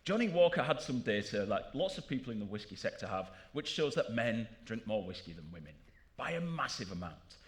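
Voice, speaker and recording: Lively, animated man addressing a crowd. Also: lowish voice, a little fast. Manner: animated, jokey, addresses audience directly. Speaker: conference speaker. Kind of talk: conference keynote talk. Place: large room with live audience.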